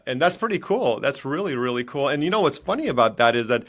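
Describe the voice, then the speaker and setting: A man's voice: medium pitch, big pitch swings, fast, a bit bright. A man hosting an interview podcast, upbeat and chatty as he asks his guest questions. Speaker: podcast host.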